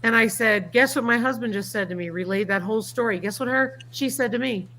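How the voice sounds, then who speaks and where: A woman's voice: fairly high pitch, fairly quick, a bit bright, slight background noise. Folksy middle-aged woman hosting a livestream. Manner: folksy storyteller reading chat comments aloud. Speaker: livestream host. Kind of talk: casual livestream chat.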